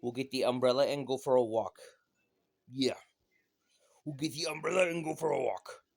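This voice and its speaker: A man's voice: mid-range voice, moderate pace, gravelly. A man indoors doing playful baby talk to his dog, teasing in a sing-song way and repeating each phrase. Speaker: pet owner filming his dog. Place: inside a house.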